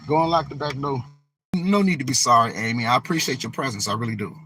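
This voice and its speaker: A man hosting a live stream from a vehicle, talking to his chat in a slow, emphatic, preachy way and dragging out key words. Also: mid-range voice, pushed and bright, slight background noise. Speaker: livestream host.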